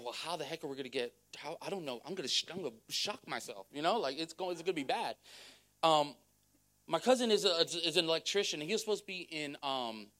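A man's voice: fairly high pitch, sharp tone. A man preaching a sermon, a pastor who tells a story in a conversational way, repeating words and checking in with the crowd. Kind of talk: sermon with testimony.

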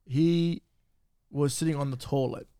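A man, chatting casually on a podcast, swearing freely and telling animated stories. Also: a little high, unhurried. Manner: swears freely, animated storytelling with acted-out quotes. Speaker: comedy group member, podcast guest.

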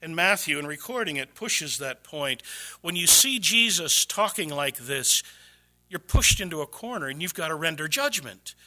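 A man pastor preaching a sermon in a church, dramatically shifting between hushed, low-spoken asides and loud, raised exclamations. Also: animated, normal speed.

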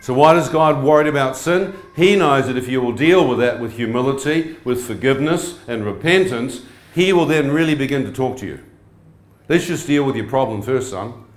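A man telling his testimony as a lively sermon to a live audience, joking and often asking the crowd questions. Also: mid-range voice, normal speed. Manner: humorous, asks the crowd frequent questions. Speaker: preacher giving testimony. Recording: echoey hall.

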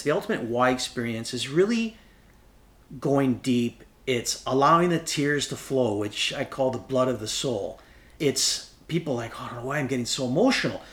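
Passionate male inspirational speaker. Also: fairly bright tone. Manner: passionate, builds to emphatic high peaks. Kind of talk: enthusiastic motivational talk.

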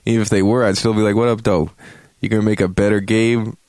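A man's voice: flat delivery, fast talker, a little mellow, no echo. A man hosting a show, giving a casual, profane, joking review of a video game. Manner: profane, joking, acts out reactions in a high yelp.

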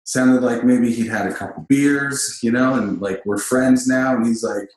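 A man hosting a casual business podcast, telling stories in an animated, emphatic way. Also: mid-range voice, measured pace, slight background noise. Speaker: podcast host. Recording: very echoey room.

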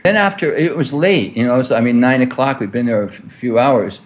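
Talking a little fast in a mid-range voice, a man being interviewed works through a long, rambling story, stumbling into restarts and fillers along the way. The highs in the recording are cut off.

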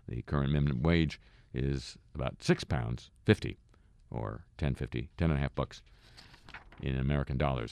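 A man hosting a satirical radio show who reads the news and drops wry, deadpan asides between items. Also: rumbling low, moderate pace, creaky, clear, resonant tone, no echo, studio quality. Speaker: radio host.

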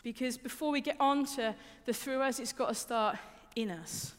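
A woman's voice: a little high, normal speed. Young woman preaching in a reverberant hall. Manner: informal and personal, repeats words, asks the listeners questions. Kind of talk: conversational sermon.

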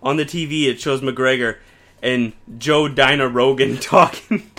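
Young male podcast co-host, bright tense voice, laughs through his storytelling, casual swearing. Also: mid-range voice, steady tone, measured pace.

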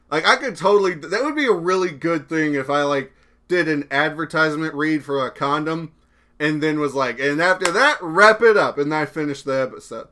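A man's voice: on the high side, fairly bright tone. A young man hosting his own podcast, talking alone in a laid-back, rambling way and swearing casually. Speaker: podcast host. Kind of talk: casual solo podcast talk.

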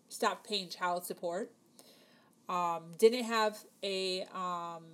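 A woman's voice: medium pitch, a bit bright. A woman in her thirties, telling a personal story to her viewers in a chatty way, with many fillers, acting out the dialogue. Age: 30s. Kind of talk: casual storytelling to camera.

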